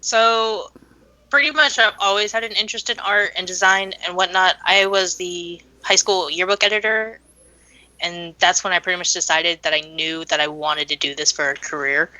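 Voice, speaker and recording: A woman guest answers casual podcast questions in a matter-of-fact, self-deprecating way. Her voice is fairly low but bright, and the sound is dry and close. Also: fairly even intonation, moderate pace, no echo, poor audio. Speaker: podcast guest, graphic designer.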